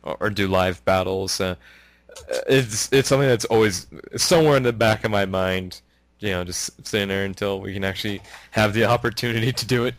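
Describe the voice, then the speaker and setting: A man's voice: fairly low pitch, brisk, no room sound. Man, from Canada, podcast host, casual rambling chat, frequent laughter, dry recording. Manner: rambling, laughs often, many fillers.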